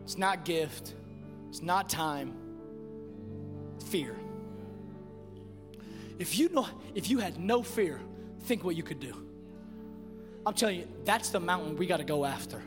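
A man's voice: a little high, animated, unhurried, pauses often. A man preaching a fervent sermon to a congregation in a church, building through repeated declarations. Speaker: pastor. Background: music.

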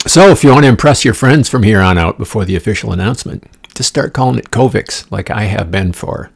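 A low, gravelly male voice rambles through a solo comedy podcast from a condo room. He swears freely, wanders off on tangents and drops into whispered asides before bouncing back. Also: expressive, fairly quick. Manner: profane, digressive, playful asides and whispered jokes. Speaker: podcast host.

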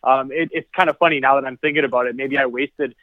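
A man talks quickly in a relaxed, rambling way, stumbling over and repeating words as he thinks. His voice comes through a thin, tinny phone line with no room sound at all. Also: mid-range voice, no echo. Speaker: podcast guest. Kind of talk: casual chat.

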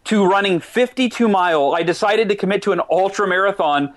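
A man being interviewed as an author, talking eagerly and often restarting his sentences. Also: high voice. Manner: eager, quick restarts, self-corrections. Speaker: author and guest. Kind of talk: animated interview talk.

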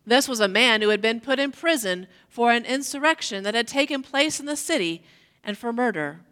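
Lady reading scripture slow and careful, bright voice a bit high, big church echo. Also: animated, clear, resonant tone. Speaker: scripture reader.

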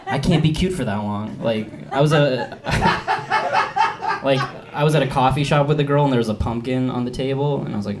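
A man's voice: mid-range voice, very animated, normal speed. A man in his twenties doing a rambling, self-deprecating stand-up set, full of "like" and restarts. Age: 20s. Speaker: stand-up comedian. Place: comedy club stage. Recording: noisy live comedy club. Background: audience laughter.

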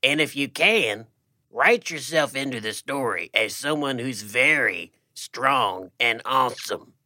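A man in a comedy podcast playing a pompous author, boasting about his writing in a deadpan, self-satisfied way. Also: medium pitch, a little slow, no room sound. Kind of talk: comedic improv reading.

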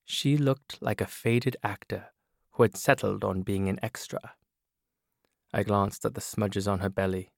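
A man narrating a novel in a measured first-person reading. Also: fairly low pitch, fairly even intonation, gravelly, no echo. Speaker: audiobook narrator. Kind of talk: scripted narration. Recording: dry studio booth.

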